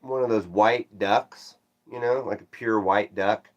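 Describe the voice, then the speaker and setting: A man livestreaming, casually recounting a strange dream and reading chat, with animated swoops up when quoting himself and self-deprecating asides. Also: lowish voice, unhurried, lo-fi sound. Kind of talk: casual rambling storytelling, reading chat aloud.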